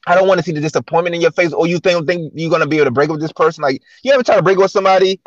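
A man who is a guest on a podcast, telling stories in casual chat with animated energy. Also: fairly high pitch, very fast, no room sound, highs cut off. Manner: storytelling, animated. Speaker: guest actor.

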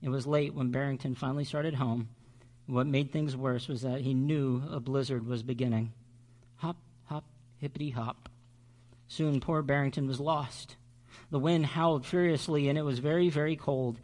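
A man's voice: medium pitch, steady tone, normal speed, darkish tone. Man pastor reading a story.

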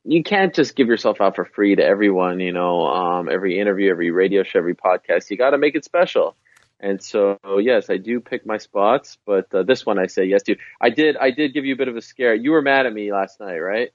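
A man's voice: lowish voice, fairly quick, dry recording, dull audio. A man guesting on a podcast, chatting casually and emphatically about his own show. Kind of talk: casual interview chat.

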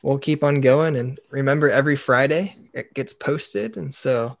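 A man's voice: mid-range voice, moderate pace, gravelly. A man co-hosting a podcast, chatting in an easygoing way. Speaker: podcast co-host. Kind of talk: casual chat.

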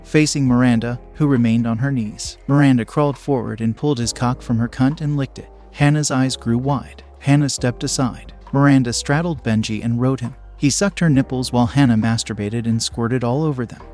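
A man narrating an erotic story in a steady, unhurried reading. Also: mid-range voice, soft background music.

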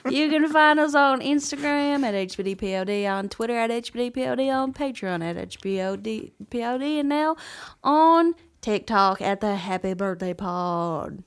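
A woman guest on a comedy podcast, trading quick, dry jokes with the host. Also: a little high, expressive, a little hiss or hum. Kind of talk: casual comedic chat.

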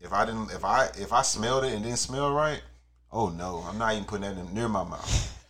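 A man's voice: on the low side, a little fast, a bit bright. A man telling a funny family story in casual chat, laughing often.

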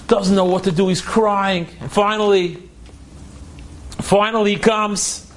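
A male storyteller with a strikingly high voice tells an inspirational story. He is emotive and acts out each character's lines, repeating phrases for emphasis.

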